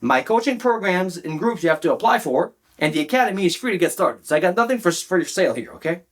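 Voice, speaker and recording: Guy coaching public speaking to camera, pitch jumps all over, punchy, keeps asking if you're following. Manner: emphatic, animated, talks straight to the viewer with quick check-in questions. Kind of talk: direct-to-camera coaching talk.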